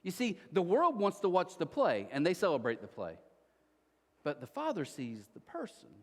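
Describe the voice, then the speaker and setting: A man in his forties preaches to a church congregation, with a somewhat high voice that swings up and down with a lot of life. He tells family stories and acts out other people's lines as he speaks. His voice trails off into the long reverb of a large hall. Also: normal speed. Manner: animated storytelling, acts out quotes. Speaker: pastor. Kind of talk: sermon.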